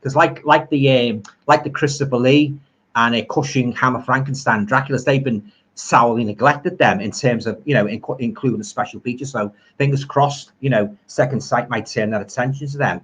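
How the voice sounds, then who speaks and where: A man's voice: medium pitch, moderate pace, a bit bright, breathy edge, highs cut off. A middle-aged man with a Liverpool accent rambling enthusiastically about old films while reading viewer comments on a live stream from home. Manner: enthusiastic, rambling, homely turns of phrase. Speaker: horror film streamer.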